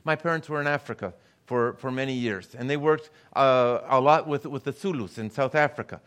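A man's voice: mid-range voice, a little fast, fairly bright tone, clear, resonant tone. A middle-aged man preaching a sermon as a guest pastor, telling stories and acting out the people he quotes. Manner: storytelling, acts out the voices of people he quotes.

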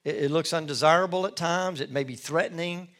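A middle-aged male pastor preaching a sermon in an expressive storytelling manner. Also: a little high, fairly quick. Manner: expressive, storytelling, acts out scenes. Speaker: lead pastor.

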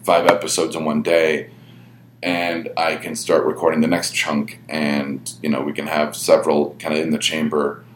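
A man hosting a podcast talks in a deep, low voice through a casual solo monologue. He rambles and reflects on himself with plenty of "um"s and "you know"s. The room sounds echoey, with a faint hum underneath. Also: monotone, normal speed. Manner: rambling and self-reflective, many fillers. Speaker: podcast host running a podcast network.

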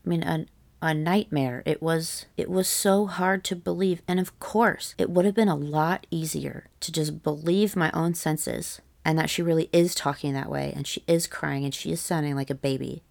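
Young woman, low fry-heavy voice, earnest rambly storytime with lots of "like", close dry sound. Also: darkish tone, dry recording. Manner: earnest and halting, full of "like", casual swearing. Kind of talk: candid personal storytelling.

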